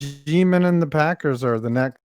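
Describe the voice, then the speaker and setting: A man's voice: a little high, a little slow, faint music behind. Joking, profane male podcast co-host. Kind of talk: casual chat.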